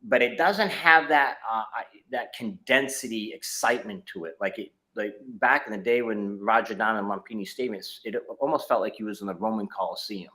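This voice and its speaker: A man's voice: on the low side, fairly quick, hardly any pauses, bright, forceful tone. A middle-aged man, a martial arts instructor, telling his story in a casual interview over a video call, with many fillers and restarts.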